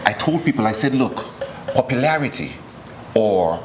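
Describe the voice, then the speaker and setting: A man from Nigeria, an actor being interviewed, telling stories in a relaxed chat and acting out the people he quotes. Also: medium pitch, moderate pace, background noise. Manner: animated storyteller, acts out quoted voices.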